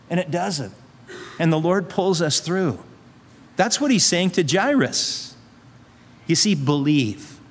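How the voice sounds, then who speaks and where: A man's voice: high voice, a bit bright. A male pastor preaching a sermon, urging his listeners with repeated phrases and rhetorical questions. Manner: earnest, repetitive exhortation with rhetorical questions. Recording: long reverb of a large hall.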